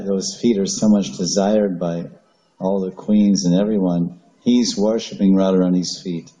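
A man's voice: low voice, warm tone, poor audio. Man giving a rambling scripture talk. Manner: rambling with restarts, chanting Sanskrit names. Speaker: Vaishnava preacher. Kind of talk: devotional scripture class.

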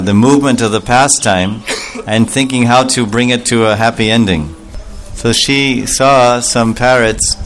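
A spiritual storyteller with a medium-pitched, slightly bright voice tells a devotional story as a sermon. He acts out the voices of its characters, his emotion rising as he goes.

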